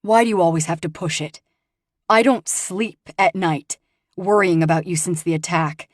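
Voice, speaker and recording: A woman's voice: on the low side, moderate pace, no echo, studio quality, natural voice. A woman voicing a brooding, protective, hot-tempered young man in an audiobook, blunt and bossy. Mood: angry. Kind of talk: audiobook character reading.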